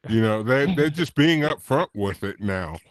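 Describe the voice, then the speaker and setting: A man hosting a casual group discussion, talking in a halting way with repeated words. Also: mid-range voice, lively intonation, dry recording. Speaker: host.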